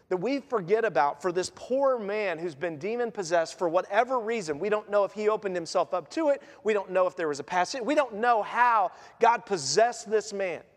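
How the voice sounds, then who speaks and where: A man, a pastor, preaching a sermon in an animated way, acting out the scenes and voices of the story he tells. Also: sits high, long reverb tail.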